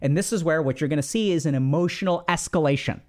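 A man's voice: fairly high pitch, quick pace. A man hosting an advice podcast, explaining in a casual, conversational way, often checking in with "right?" and using "like" a lot. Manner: conversational, many "like" fillers and "right?" check-ins. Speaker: podcast host giving relationship advice.

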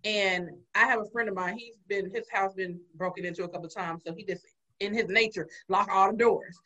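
A woman hosting a casual podcast chat, telling stories with loud swearing and laughter. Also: medium pitch, fairly even intonation, a little fast, highs cut off. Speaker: podcast host.

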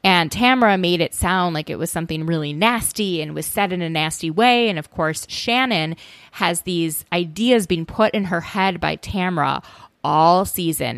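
A woman's voice: fairly low pitch, normal speed, fairly bright tone, no echo. A woman hosting a solo recap podcast, chatty, opinionated and often exasperated. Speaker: podcast host.

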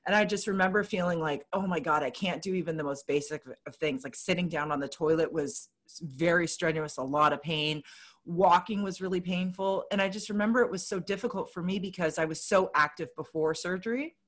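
A woman's voice: lowish voice, fairly quick. A woman chatting casually, candid and dramatic as she tells a personal story. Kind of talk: casual chat about surgery recovery.

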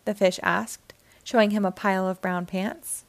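A woman narrating a children's storybook aloud, with an expressive, clear delivery. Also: medium pitch, moderate pace, no room sound. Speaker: children's book reader.

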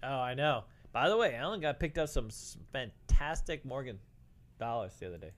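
A man's voice: mid-range voice, expressive, moderate pace, a little hiss or hum. A middle-aged man telling casual stories as a co-host on a livestream, swearing and saying "dude" a lot. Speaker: podcast co-host.

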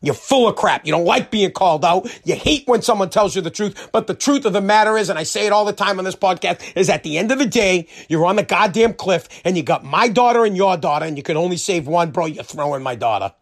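A man's voice: high-pitched, fast, hardly any pauses. An American man hosting a podcast, delivering a heated, profane, combative rant on his own. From United States. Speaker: podcast host.

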